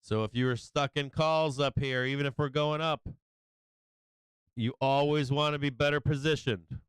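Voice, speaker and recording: A man runs a live stock-market stream, excitable and foul-mouthed, saying the same point over and over. His voice is very clean and crisp. The recording is dry and close, with no room sound. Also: medium pitch, moderate pace, no room sound, poor audio. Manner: excitable, profane, repeats himself. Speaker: livestream market commentator. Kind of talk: casual live trading commentary.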